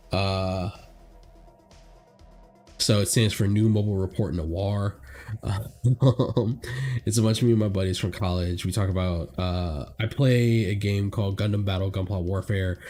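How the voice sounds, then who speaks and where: A man's voice: sits low, dark tone. A young man with a stuffed-up nose giving casual gameplay commentary as a streamer, rambling with lots of fillers. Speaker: game streamer.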